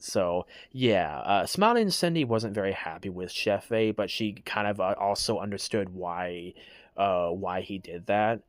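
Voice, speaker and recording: Low-voiced man rambling through his story. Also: expressive, measured pace, no room sound, clean studio sound. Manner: hesitant, full of restarts and fillers. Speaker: creator telling his character lore. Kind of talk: casual rambling explanation.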